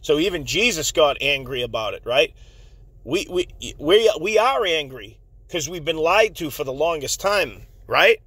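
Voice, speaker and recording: A man hosts his channel with a heated, insistent rant. His voice is fairly high and very bright, and he stammers and repeats words as he presses each point. The sound is dry and close. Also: sing-song, unhurried, dry recording. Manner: angry and insistent, repeats himself, laughs often. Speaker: channel host.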